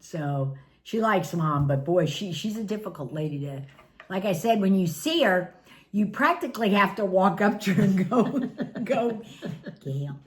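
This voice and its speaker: A woman's voice: mid-range voice, animated, moderate pace. A middle-aged woman caring for her mother, telling stories in a casual vlog and laughing often. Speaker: family caregiver.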